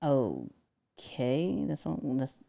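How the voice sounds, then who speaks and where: A woman hosting a casual livestream, talking in an animated, slangy way and laughing often. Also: a bass voice, extremely slow, gravelly. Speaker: livestream host.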